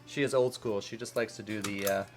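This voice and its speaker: A woman's voice: a bass voice, steady tone, fairly quick. A woman hosting a casual cooking demo, talking in a playful, rambling, joking way. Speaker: cooking show host. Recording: background music.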